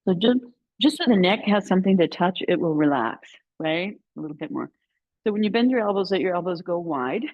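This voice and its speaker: A woman yoga teacher leading a guided breathing class, giving calm, soothing instructions and counting the breaths. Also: fairly low pitch, fairly quick, dull audio. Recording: echoey hall with long reverb. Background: soft instrument tones.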